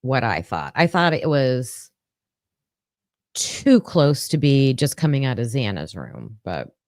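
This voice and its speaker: Lady musing over her notes, slow and low, kind of dry sound. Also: very animated, no echo. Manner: thinking aloud with fillers, reading notes. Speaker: true crime commentator. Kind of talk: casual commentary livestream.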